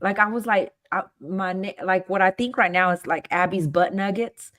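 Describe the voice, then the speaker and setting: A woman chatting casually with her co-hosts. Her voice sits in a middle range, and she tells her stories with lively timing, slipping into quick little impressions of other people. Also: mid-range voice. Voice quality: animated storyteller who acts out quotes. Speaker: co-host of a web show. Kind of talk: casual chat.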